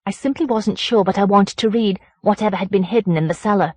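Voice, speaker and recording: A woman reading a first-person horror story aloud as an audiobook narrator, in a measured, deliberate way. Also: medium pitch, darkish tone, breathy edge, dry recording.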